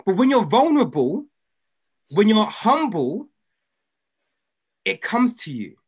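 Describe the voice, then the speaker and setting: A man leads a motivational group call with a fairly high voice. He talks in an emphatic, preachy way, swinging from loud exhortation to near-hushed intensity. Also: big pitch swings, takes it slowly, husky. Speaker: trading coach leading a group call.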